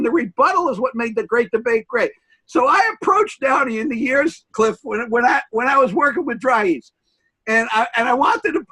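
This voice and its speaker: Animated, excitable older man with a high voice. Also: breathy edge, poor audio. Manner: excitable, animated, jumps between pitches when quoting people. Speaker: panelist. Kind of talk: lively interview banter.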